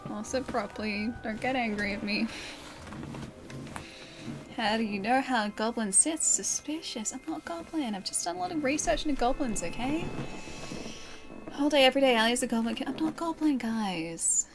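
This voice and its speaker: A woman's voice: on the high side, lively intonation, moderate pace, pauses often. Playful woman streamer over game music. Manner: playful, jokey banter with chat. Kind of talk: casual game commentary.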